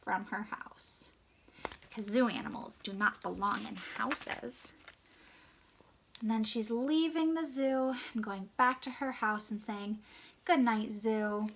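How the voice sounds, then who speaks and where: A woman reading a picture book aloud to young children, asking them gentle questions and sometimes dropping to a hushed whisper. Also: fairly high pitch, takes it slowly, slight background noise. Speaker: children's story reader.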